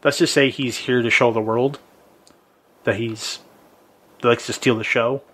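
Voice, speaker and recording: A man with a mid-pitched voice co-hosts a casual podcast, running through the news items. He works in dry jokes as he goes. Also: steady tone, measured pace, a bit bright, slightly rough. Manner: newsy, reads out items, dry humor. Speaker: podcast co-host. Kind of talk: casual chat.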